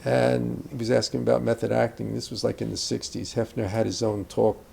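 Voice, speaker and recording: A man's voice: medium pitch, flat delivery, fairly quick, creaky, darkish tone, a little hiss or hum. An older man, an acting teacher, speaking reflectively about character in a conversational interview, rambling with asides and restarts.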